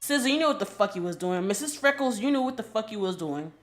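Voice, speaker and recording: A woman's voice: mid-range voice, animated, fast talker. A young adult woman giving a casual commentary rant, blunt and profane, scolding and repeating herself to drive the point home. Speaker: commentary creator.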